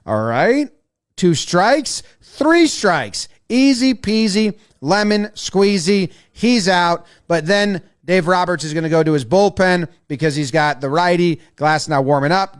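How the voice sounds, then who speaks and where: A man giving a casual, excitable, profane breakdown of a baseball game, acting out what the players say. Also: sits high, smooth. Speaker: sports video commentator.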